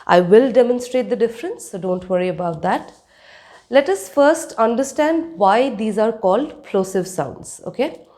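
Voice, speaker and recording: A woman's voice: a little high, lively intonation, moderate pace, mellow. A woman teaching a spoken lesson, demonstrating sounds and checking in with her listeners. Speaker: accent coach.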